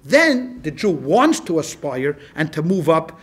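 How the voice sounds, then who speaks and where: A male rabbi giving a lecture to a class in a lively, conversational way, with frequent restarts. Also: on the high side, measured pace, breathy edge. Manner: animated and conversational, with many restarts. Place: class with a live audience.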